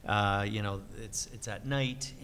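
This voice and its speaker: A middle-aged man telling convention stories as a voice actor, full of energy and acting out every quote. His pitch leaps around, and a faint noise floor runs beneath him. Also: a little slow, in a large hall. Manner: animated, lively pitch swings, acts out quotes. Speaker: voice actor guest. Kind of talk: convention interview storytelling.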